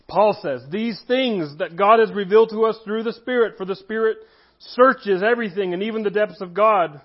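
A man preaching a sermon as pastor, earnest, slowing down to stress key phrases. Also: high voice, muffled recording.

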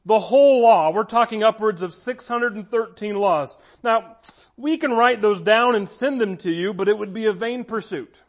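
A male pastor preaching a sermon, emphatic, slowing down to stress his key words. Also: high-pitched. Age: adult with a child.

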